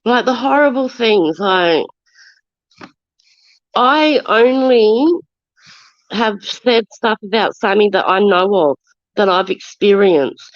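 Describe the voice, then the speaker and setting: Slow-talking Australian woman with a cold. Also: medium pitch, no echo. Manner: defensive, ranting, greets viewers mid-sentence. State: stuffy nose from a cold. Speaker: livestreamer. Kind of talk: casual live stream rant. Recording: dull lo-fi stream audio.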